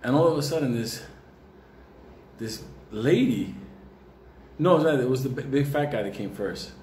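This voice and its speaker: A man tells a comic story in a profane, animated way, laughing often. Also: medium pitch, normal speed, slight background noise. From New York. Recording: roomy with faint ambience.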